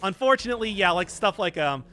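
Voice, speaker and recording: A young man live-streaming a game, chatting casually and answering chat in an animated, self-mocking way. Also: high voice, fast talker, slight background noise. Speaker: gaming streamer.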